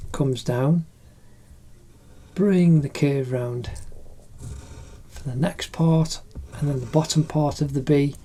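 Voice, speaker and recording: A man's voice: a little high, mellow. A middle-aged man narrating a drawing tutorial in a chatty, encouraging way, like an art teacher.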